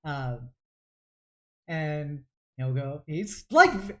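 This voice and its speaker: A woman's voice: low voice, lively intonation, extremely slow, fairly bright tone. A woman game master narrating a tabletop game, laughing often between scenes.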